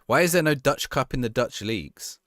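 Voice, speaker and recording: Lively, chatty man streaming a game. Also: mid-range voice, fairly quick, no room sound, clean studio sound. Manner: reads viewer questions aloud and answers offhand, often restarting sentences. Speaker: game streamer answering live chat. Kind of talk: casual chat.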